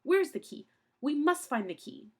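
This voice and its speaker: A woman voicing a stern, fussy man who lectures firmly and shouts orders while she reads a storybook aloud. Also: sits high, big pitch swings, normal speed, pitched above the performer's own voice. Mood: shouting.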